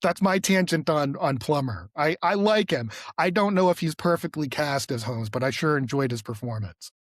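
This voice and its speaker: A man's voice: fairly high pitch, expressive, moderate pace, no echo, studio quality. A man co-hosting a podcast in casual chat, rambling with fillers and restarts. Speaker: podcast co-host.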